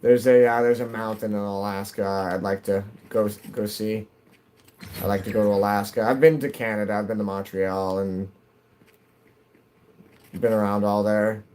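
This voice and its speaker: A man's voice: lowish voice, little pitch movement, moderate pace, a little mellow, a little hiss or hum. A middle-aged man chatting casually while streaming a game at home, rambling and restarting, his nose a little stuffy. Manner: rambling, self-interrupting, chatty. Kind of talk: casual chat while gaming.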